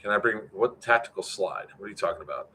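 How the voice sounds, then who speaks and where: Low-voiced man rambling through updates. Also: lively intonation, quick pace, bright, forceful tone, a little hiss or hum. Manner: rambling, filler-heavy, answers chat. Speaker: airsoft event organizer. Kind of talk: casual livestream update.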